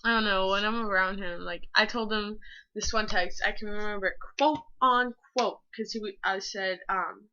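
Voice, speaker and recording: A woman's voice: mid-range voice, steady tone, normal speed, sharp tone, highs cut off. A teenage girl chatting casually to her viewers in a rambling, gushing way, full of filler words and the odd swear word. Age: teens. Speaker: vlogger. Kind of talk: casual chat.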